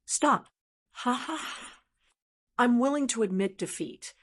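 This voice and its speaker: A woman voicing an arrogant male elder cultivator who pleads and gives up, in a flat synthetic read. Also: a little high, slow pace, breathy edge, pitched above the performer's own voice, heavily acted. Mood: desperate.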